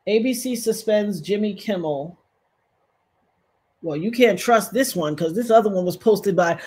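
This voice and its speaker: A woman hosting a casual livestream, reading viewer comments aloud and talking straight to her audience in an animated way. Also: mid-range voice, a little slow. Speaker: livestream host.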